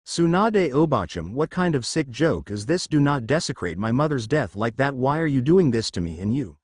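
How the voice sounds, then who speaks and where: A man's voice: mid-range voice, sing-song, moderate pace, no room sound, clean studio sound. A man voicing a brash, cheeky young male hero in a fan fiction reading, in a raised voice. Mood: indignant.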